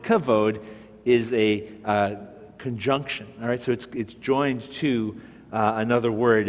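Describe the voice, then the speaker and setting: Male teacher, patient and methodical, mid-pitched voice, hall reverb. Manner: patient, step-by-step, prompts listener to repeat words. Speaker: Hebrew teacher. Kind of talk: classroom-style language lesson.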